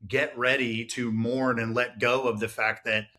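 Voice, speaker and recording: Man, 30s, bright voice, chatty podcast host, casual fillers. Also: medium pitch, flat delivery, a little slow. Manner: chatty, friendly, many fillers like "right?" and "like". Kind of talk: casual interview conversation.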